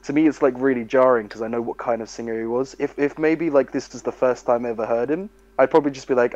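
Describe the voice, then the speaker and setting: A man talking loosely on a band podcast, circling his point through stacks of fillers. His voice sits in an ordinary middle pitch, relaxed and unscripted. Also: fast, hardly any pauses, muffled recording. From England. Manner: rambling, filler-heavy. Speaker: podcast co-host. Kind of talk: casual podcast chat.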